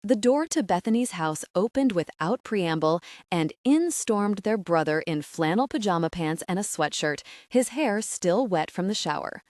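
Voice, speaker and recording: A woman narrating a romance audiobook with expressive storytelling, recorded close to the mic. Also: mid-range voice, moderate pace, few pauses, no room sound. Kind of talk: scripted narration.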